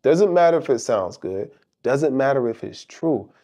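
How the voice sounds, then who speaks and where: A middle-aged man speaks in an emphatic, rhetorical way, driving home his points with repeated phrases. His voice is dark and mellow, sitting at an ordinary middle pitch. He talks like a motivational speaker addressing his viewers directly. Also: animated, moderate pace. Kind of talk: motivational monologue.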